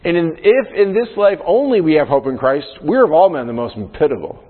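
A man's voice: a little high, expressive, a little fast. A male pastor preaching a sermon in a conversational way, often checking in with "right?" as he explains Scripture. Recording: phone-like sound in a long-reverb hall.

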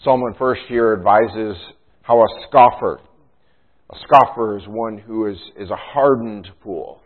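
A pastor delivers a sermon in a fairly low, measured voice, sprinkling in rhetorical questions and a frequent "right?". The recording sounds tinny, like it came through a phone.

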